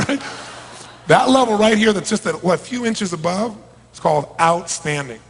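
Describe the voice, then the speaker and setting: A middle-aged motivational speaker addresses a large live audience, his voice pitched rather high for a man. He works the crowd with rhetorical questions, swinging between loud pushes and quiet stretches. The sound rings out through a large reverberant event hall. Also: animated, normal speed. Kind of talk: live seminar talk to a big audience.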